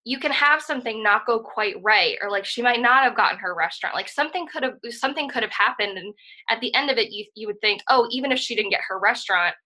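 In a rough recording, a female podcast co-host speaks fast in an expressive, sharp, fairly high voice. Enthusiastic and sincere, she rambles through the casual chat, leaning heavily on "like" and "um."

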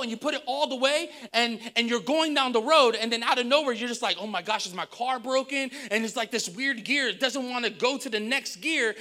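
Bright-voiced woman preaching a lively sermon. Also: a little high. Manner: lively preaching with playful asides to the congregation. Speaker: pastor.

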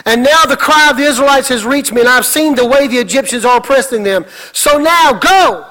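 A middle-aged male pastor preaching a sermon in an animated way, acting out the voices of God and Moses. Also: very high voice, quick pace, low-quality recording.

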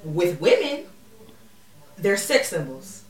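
A woman co-hosting a podcast in casual chat, talking in an animated, slangy way and laughing often. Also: fairly low pitch, slow pace, reverberant, distant mic. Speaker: podcast co-host.

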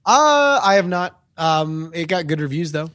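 A man co-hosting a casual movie review chat, halting, with lots of fillers. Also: fairly high pitch, big pitch swings, fairly bright tone. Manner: halting, lots of "like", acts out quotes. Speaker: podcast co-host.

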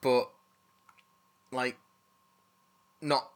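A man's voice: medium pitch, level tone, very slow. A man hosting a casual chat, rambling with restarts and casual swearing.

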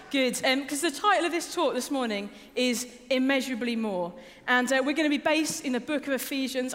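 A woman from England delivers a sermon with a high voice and a chatty, self-deprecating humor. The big church hall adds a long, ringing reverb behind her. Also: a bit bright. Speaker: preacher.

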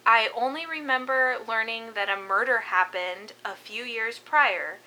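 A woman's voice: on the high side, a little slow, pushed and bright, rough recording. A woman hosting a casual chat, telling a spooky story and laughing often. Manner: giggly, breaks into laughs while telling.

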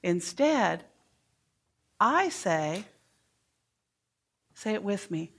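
A woman speaks slowly and deliberately to a room of teachers. She stresses her points and keeps turning questions back to her audience, in the manner of a workshop trainer. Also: mid-range voice. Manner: emphatic, asks the audience questions.

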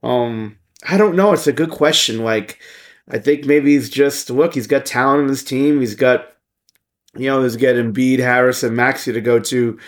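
A man's voice: medium pitch, moderate pace. A man co-hosting a casual sports podcast, blunt and profane, thinking aloud with lots of fillers. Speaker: podcast co-host.

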